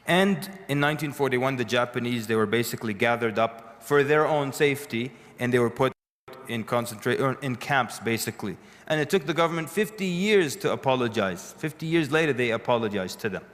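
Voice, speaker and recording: A man's voice: medium pitch, expressive, brisk, a bit bright. Man lecturing in a reverberant hall. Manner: conversational storytelling with dry humorous asides. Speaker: speaker addressing an audience. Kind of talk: lecture to a live audience.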